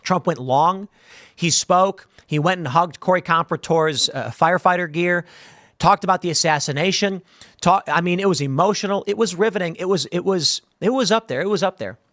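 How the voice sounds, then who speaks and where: Guy ranting on his commentary show, fairly high voice, goes off on tangents, dry mic. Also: moderate pace, no room sound. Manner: rambling, animated, jokey asides. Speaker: host. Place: studio room with a fan.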